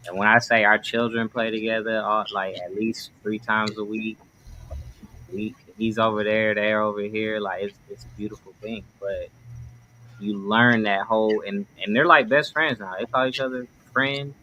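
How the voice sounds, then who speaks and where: Bright-voiced man telling a story. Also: lowish voice, moderate pace, dull audio, a little hiss or hum. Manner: animated storyteller, slangy. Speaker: guest. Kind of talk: casual livestream chat.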